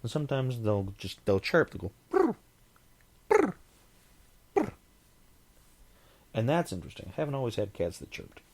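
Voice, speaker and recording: A man with a somewhat low voice hosts a podcast on his own. He talks in a casual, meandering way, pokes fun at himself, and breaks in with homemade animal noises. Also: lively intonation, fast, hardly any pauses, a little mellow. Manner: chatty, self-deprecating, imitates cat sounds. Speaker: podcast host. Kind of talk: casual rambling monologue.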